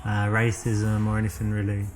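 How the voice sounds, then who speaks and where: A man's voice: lowish voice, completely flat delivery, normal speed, crowd noise, natural voice. A man playing a cheeky English flirt. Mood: teasing. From England. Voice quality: playful, teasing, self-assured. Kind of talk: game dialogue.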